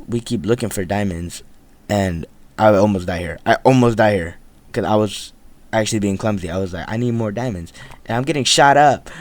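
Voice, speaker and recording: A young man giving a casual, slangy voiceover of his gameplay as a channel host, excitable and repeating phrases for emphasis, recorded on a close mic. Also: fairly low pitch, no room sound.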